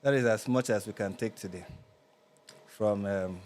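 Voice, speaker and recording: A man's voice: lowish voice, normal speed, a little mellow, slight background noise. A Nigerian man hosting a live reaction show, commenting with sarcasm and exasperation.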